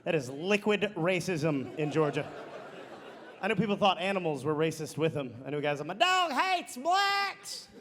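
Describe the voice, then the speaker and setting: A man's voice: a little high, normal speed. A man from Wisconsin doing sardonic stand-up comedy on stage. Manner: sardonic storytelling. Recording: live club with audience laughter.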